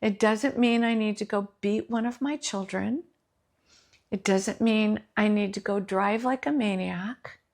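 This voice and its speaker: A middle-aged woman with a lilt talks slowly and earnestly on her podcast. She shares personal stories in a reflective way, acting out what other people said. Her voice sits at an everyday middle pitch. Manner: earnest, storytelling, quotes others in acted voices. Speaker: podcast host.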